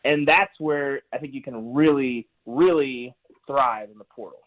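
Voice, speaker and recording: A man's voice: mid-range voice, measured pace. Wry man on a tinny phone line. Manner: wry, chatty, laughs at own jokes. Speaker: guest sports writer. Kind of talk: casual sports radio chat. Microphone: phone call.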